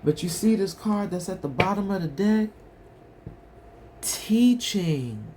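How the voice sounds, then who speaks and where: Tarot reader, slow unhurried delivery, chatty and talks straight to viewers, faint background hiss. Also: medium pitch, lively intonation, a little mellow. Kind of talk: collective tarot reading, casual chat.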